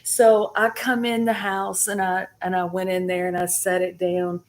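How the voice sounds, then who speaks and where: A woman's voice: on the low side, little pitch movement, moderate pace. A middle-aged woman chatting casually to her viewers, rambling with many fillers and restarts. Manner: addresses the audience directly. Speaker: spiritual reading streamer. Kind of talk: casual live chat to viewers.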